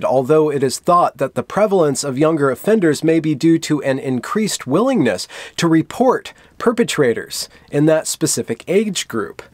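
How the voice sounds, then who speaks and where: A man with a slightly higher voice reads news text aloud and cuts in with dry, sardonic asides. He keeps a sarcastic commentary tone throughout. The recording is dry and close, with no room sound. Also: a little mellow, no room sound. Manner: dry, sardonic asides between read-out quotes. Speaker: commentary vlogger.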